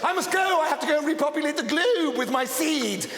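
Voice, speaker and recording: A smug, lecherous braggart. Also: male voice, extremely high pitch, lively intonation, a little fast. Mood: boastful. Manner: boastful, shouty, theatrical. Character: smug lecherous self-pitying man. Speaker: stage comedian. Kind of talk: live stage comedy. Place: large theatre stage. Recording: echoey theatre hall, loud crowd. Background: loud live audience.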